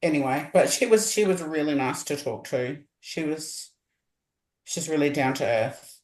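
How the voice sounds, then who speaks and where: Higher-voiced man in a roomy echo. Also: a little slow. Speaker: podcast co-host, bodybuilder. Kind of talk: casual chat.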